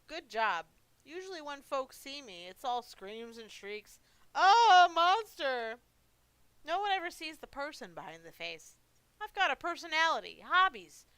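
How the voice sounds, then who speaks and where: A woman's voice: high-pitched, sharp tone, clean tone, dry recording, pitched above the performer's own voice, exaggerated voice, low-quality recording. A woman voicing a lonely, forgetful old male monster in a horror game, who rambles and mocks himself. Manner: rambling, self-mocking, talks to himself.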